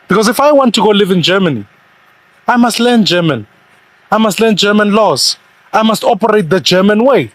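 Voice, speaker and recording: Man, high voice, emphatic commentator on a news panel, argumentative delivery. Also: lively intonation, fairly quick, a bit bright.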